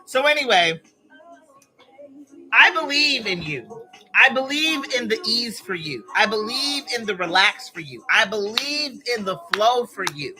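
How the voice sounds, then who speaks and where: A woman's voice: fairly high pitch, expressive, measured pace, over music. A woman hosting a live stream, chatting and encouraging her viewers in a casual motivational way while she arranges flowers.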